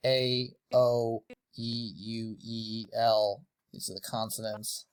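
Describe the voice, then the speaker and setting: A man teaching animation lip sync, slowly and deliberately sounding out letters and words with exaggerated mouth shapes. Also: fairly low pitch, flat delivery. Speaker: animation tutor. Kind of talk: tutorial, demonstrating mouth shapes on camera.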